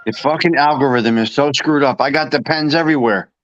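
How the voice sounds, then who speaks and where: A man co-hosting a casual chat, loud and laughing, swearing freely. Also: medium pitch, fairly quick, no room sound, lo-fi sound. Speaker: podcast co-host.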